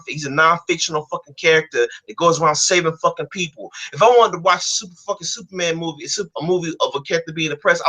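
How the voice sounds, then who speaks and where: A man's voice: on the high side, sharp tone. A man ranting in casual talk, angry and profane, often repeating himself as he argues. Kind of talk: heated casual rant.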